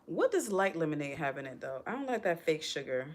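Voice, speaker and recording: A woman's voice: low voice, very animated, fairly quick. A woman hosting a casual live stream, chatting with viewers and calling them y'all.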